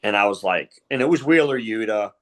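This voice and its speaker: Low-sitting yet a bit bright, his voice is lively in intonation and fairly quick. The middle-aged man, a wrestling referee and podcast guest, rambles through stories in a casual chat, with plenty of fillers and recounted conversations.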